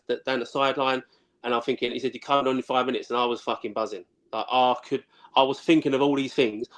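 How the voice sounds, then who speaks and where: A man talks at a rapid clip, firing off blunt, sweary stories. His pitch sits in an ordinary middle range, and he trips over restarts as the memories tumble out. He comes across as a former footballer reminiscing in a casual chat. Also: a bit bright. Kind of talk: casual storytelling.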